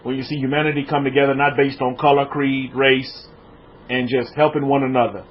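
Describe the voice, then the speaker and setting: A man's voice: medium pitch, little pitch movement, fairly quick, highs cut off, a little hiss or hum. An American man preaching casually to a livestream audience, reading out viewers' comments and repeating his words as he builds up his points. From United States. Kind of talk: informal sermon with chat shout-outs.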